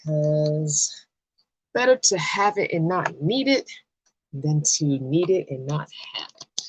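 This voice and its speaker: Groggy, slow-talking woman live-streaming. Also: deep voice, animated, slightly rough, no echo. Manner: chatty, greets viewers by name, laughs often. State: groggy morning voice with a scratchy throat. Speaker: vlogger hosting a live chat. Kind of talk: casual live-stream chat. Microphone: headset.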